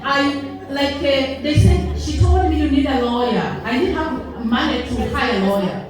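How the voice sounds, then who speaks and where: A woman's voice: high-pitched, a little slow, over music. Ugandan woman storytelling in an echoey hall. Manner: animated, acts out dialogue, laughs through lines. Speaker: event speaker. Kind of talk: personal storytelling to a live audience. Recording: echoey hall, mic from far off.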